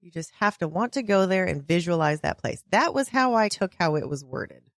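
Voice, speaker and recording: A woman's voice: lowish voice, lively intonation, a little fast, no echo, studio quality. A woman co-hosting a casual book discussion podcast, playful and teasing. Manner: playful, teasing, laughs often. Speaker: podcast co-host.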